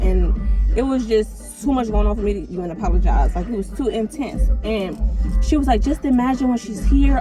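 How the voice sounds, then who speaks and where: A woman's voice: mid-range voice, low-quality recording. A young woman vlogger telling a candid, chatty storytime straight to her viewers, often calling them "y'all". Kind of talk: casual storytime to camera.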